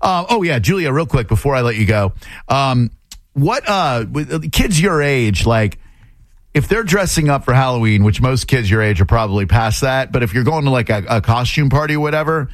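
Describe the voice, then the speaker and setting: A man's voice: medium pitch, lively intonation, moderate pace, dry recording. Guy radio host rambling and joking around, dry close mic. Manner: joking, rambling, self-deprecating. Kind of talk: casual on-air interview. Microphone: studio microphone.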